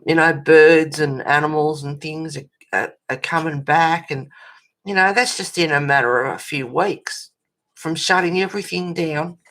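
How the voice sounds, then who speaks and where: A low-voiced Australian woman hosts a colouring livestream in a casual chat. She rants bluntly and swears freely, breaking off to answer chat messages. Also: fairly bright tone. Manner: reacts to chat messages with laughs.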